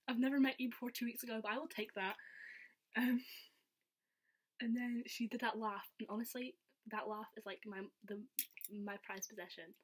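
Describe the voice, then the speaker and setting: A young woman telling a story in a casual, excited, chatty vlog style, full of "like" fillers. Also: on the high side, moderate pace. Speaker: vlogger.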